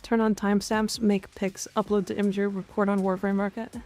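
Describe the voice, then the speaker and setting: A woman's voice: medium pitch, little pitch movement, brisk, darkish tone, soft background music. A woman from Canada streaming live, chatting casually and frankly with her chat, with some swearing and jokes. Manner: frank, profane, joking. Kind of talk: casual chat reading and answering chat.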